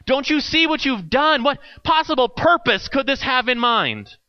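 A man's voice: extremely high pitch, animated, normal speed, smooth, highs cut off, pitched above the performer's own voice. A man voicing an anxious traveler on a bridge who pleads with strained, exasperated questions. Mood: desperate.

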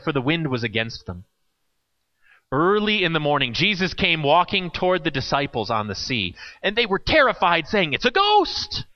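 A man delivers a sermon with a conversational, playful edge. His fairly high voice swings widely in pitch as he tells the story. The recording sounds muffled and lo-fi. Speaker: preacher.

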